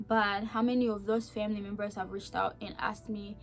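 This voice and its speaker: A young woman giving an earnest personal faith testimony, heartfelt and emotional, talking in a chatty way with many fillers and swinging from soft to emphatic. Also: medium pitch, level tone, fairly quick, faint music behind. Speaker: vlogger sharing a faith testimony.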